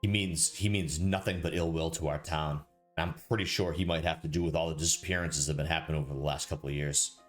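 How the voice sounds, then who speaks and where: A man's voice: extremely low pitch, fairly even intonation, fast talker, soft background music, pitched below the performer's own voice. A man voicing a rescued male gnome prisoner who stammers and talks in an agitated way.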